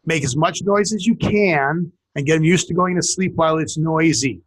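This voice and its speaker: Husky joking man telling a story. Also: on the high side, normal speed, no room sound. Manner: joking storyteller who stammers and repeats words. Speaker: podcast co-host. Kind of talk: casual chat.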